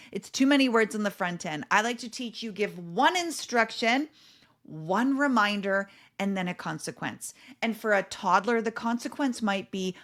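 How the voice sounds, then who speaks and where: Woman podcast host, parenting coach; lively casual storytelling, mid pitch. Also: moderate pace. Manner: animated storyteller, acting out parents' lines.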